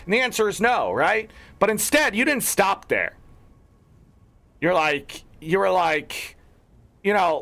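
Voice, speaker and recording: A man's voice: high-pitched, expressive, takes it slowly, creaky, long pauses, pushed and bright. A young man streaming a video game, swearing and ranting in an exasperated way while he plays. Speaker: gaming streamer. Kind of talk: casual gameplay commentary.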